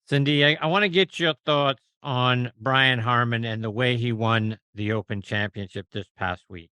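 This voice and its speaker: A man's voice: medium pitch, steady tone, normal speed, bright, forceful tone, smooth, dry recording. A man hosting a golf podcast, asking an upbeat interview question and laughing along with his guest. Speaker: podcast host.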